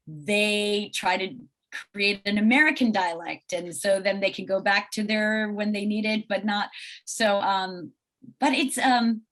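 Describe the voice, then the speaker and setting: A middle-aged woman from Long Island, a guest actress talking casually in an interview over a video call, lively and chatty with frequent restarts. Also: mid-range voice. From Long Island, New York.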